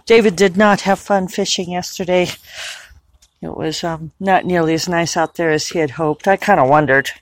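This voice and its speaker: A woman casually chatting in a morning vlog, talking to her cat in a high coaxing voice. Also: moderate pace. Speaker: vlogger. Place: at home and outdoors. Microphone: clip-on microphone.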